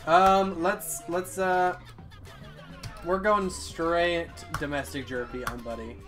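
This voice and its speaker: Excitable young gamer guy, higher voice. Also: slow pace, over music. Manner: excitable, swears and yelps at the game. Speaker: let's play gamer. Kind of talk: casual gameplay commentary.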